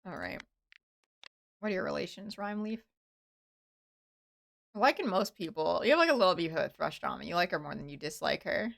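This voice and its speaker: A woman streaming a game, chatting casually and rambling with many fillers and restarts, with excited bursts and soft, muttered asides. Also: lowish voice, normal speed, creaky, long pauses. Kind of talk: casual live-stream chatter while playing.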